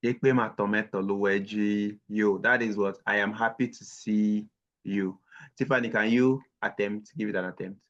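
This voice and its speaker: Low-voiced man teaching over a call. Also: fairly even intonation, fairly bright tone. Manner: patient, slowly repeats words for learners. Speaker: language teacher. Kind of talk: online language lesson. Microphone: video call. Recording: dull lo-fi call audio.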